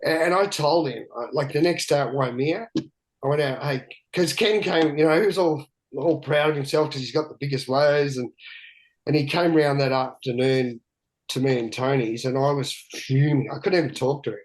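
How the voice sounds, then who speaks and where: A man's voice: medium pitch, normal speed, poor audio. Rambling man telling stories. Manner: rambling, profane, lots of restarts and fillers. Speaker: guest, big-wave surfer. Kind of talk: candid storytelling chat.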